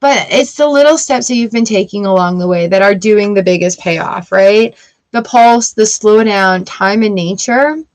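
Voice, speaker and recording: A woman's voice: mid-range voice, moderate pace, a little mellow, poor audio. A woman reading tarot cards for a live audience, chatty and upbeat, greeting viewers by name between cards. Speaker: tarot reader.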